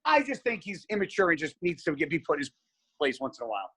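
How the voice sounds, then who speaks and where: Man, podcast guest, blunt, swears a lot, slightly high voice, animated storytelling. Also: quick pace, slightly rough. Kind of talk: casual chat.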